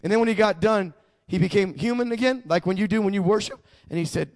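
A man's voice: sits high, fast talker, a little mellow. A male pastor delivering a sermon as personal testimony, talking conversationally with stammered restarts and building to fervent emphasis.

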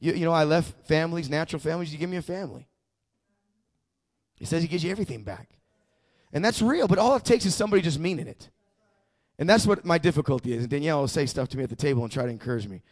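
A man with a high-pitched voice preaches a sermon as a personal story. He talks conversationally, often restarting his words. Then he presses his points with growing fervor. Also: quick pace. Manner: conversational testimony, swelling into fervent emphasis; frequent stammered restarts. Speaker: pastor.

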